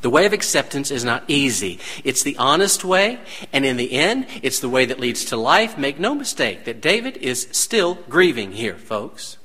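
A man's voice: mid-range voice, very animated, normal speed, bright, forceful tone, in a large hall. A man preaching a sermon, dramatic and full of rhetorical questions to his congregation. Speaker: pastor.

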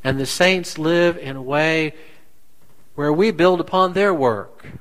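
A man preaching a sermon as pastor, slow and deliberate, asking the congregation rhetorical questions. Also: fairly high pitch, a bit bright, rough recording.

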